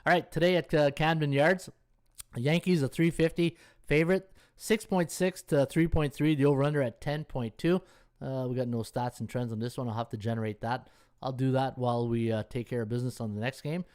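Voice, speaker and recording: A man hosting a daily sports betting podcast in a loose, unscripted chat. His voice sits at an ordinary middle pitch, and he rambles, restarts and thinks aloud while checking schedules on screen and reading viewers' chat. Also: fairly even intonation, a little fast, a little mellow, clear, resonant tone. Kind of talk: casual live-stream chat.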